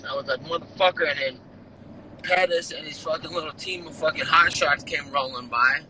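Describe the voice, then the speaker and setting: A man's voice: on the high side, fairly quick, sharp tone, slight background noise, rough recording. A man, a fighter on a remote video call, telling a heated, rambling story full of slang and swearing. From California. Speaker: fighter guest. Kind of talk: casual profane interview talk.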